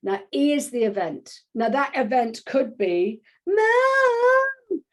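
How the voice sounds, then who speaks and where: A woman parenting coach talking in a casual interview, animated, restarting her sentences often and acting out little quotes. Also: on the high side, a little slow. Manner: animated, acts out quotes in voices; frequent restarts and filler phrases.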